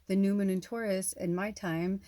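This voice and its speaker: A woman on the US West Coast making a casual vlog as a spiritual medium, chatting excitedly while unboxing a gift. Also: medium pitch, normal speed, no echo. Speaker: spiritual medium and tarot reader. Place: at home, off-grid.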